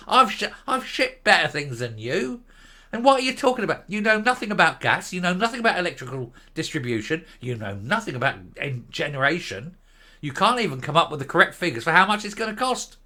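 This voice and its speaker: A man's voice: a little high, big pitch swings, a little fast, bright, forceful tone. An older man delivering a profane, scornful, sarcastic political rant for his video channel. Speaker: vlogger.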